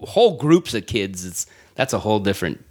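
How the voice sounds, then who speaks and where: A man's voice: lowish voice, fairly quick. A man, a stand-up comedian, telling stories in a casual chat and acting out the people in them. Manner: animated storyteller, acts out quotes.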